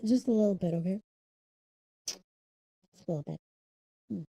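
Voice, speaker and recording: A woman's voice: mid-range voice, moderate pace, gravelly, warm tone, no echo, rough recording. A young woman streaming live, chatting casually and apologizing for her hiccups on a close desk microphone. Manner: chatty, apologetic, laughing, humming to herself.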